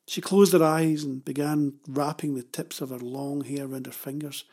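A man narrating a children's novel in a measured, even storytelling manner. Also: on the high side, husky. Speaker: audiobook narrator.

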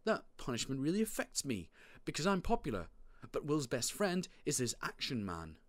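A man's voice: a little high, huge pitch swings, normal speed, dry recording, pitched above the performer's own voice. A man reading an audiobook and voicing a cheeky, complaining ten-year-old boy in a raised voice. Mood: whiny. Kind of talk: audiobook character voice.

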